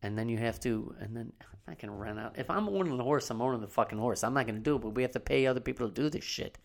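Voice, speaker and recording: A man's voice: medium pitch, rapid-fire, creaky. A man co-hosting a casual podcast chat, blunt and profane, laughing often.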